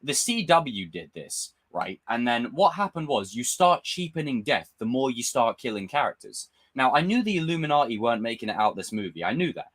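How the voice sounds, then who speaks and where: Talking fairly quickly with hardly any pauses, a young male streamer in a mid-range voice chats and rants, swearing heavily like a worked-up fan. He's recorded through a desk mic with camera.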